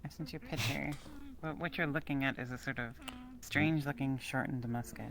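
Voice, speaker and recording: A game master in a roleplay game, calmly describing an item's look and condition in measured sentences. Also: medium pitch, crowd noise.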